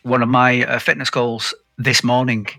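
A man's voice: mid-range voice, level tone, moderate pace, gravelly, sharp tone, dry recording. A man hosting a podcast in an upbeat, chatty way, often restarting his sentences. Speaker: podcast host. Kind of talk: casual chat.

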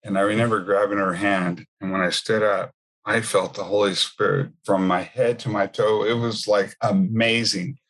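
Low husky-voiced man telling his story. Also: steady tone, normal speed, a bit bright. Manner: conversational storytelling with many asides. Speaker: speaker sharing his testimony. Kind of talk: personal faith testimony.

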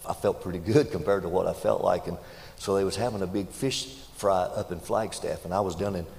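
A deep-voiced man preaches in a folksy, storytelling way, building to loud and emotional peaks. His voice rings through a large church hall with a long echo and faint background noise. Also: fairly even intonation, fairly quick, gravelly. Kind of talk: sermon storytelling.

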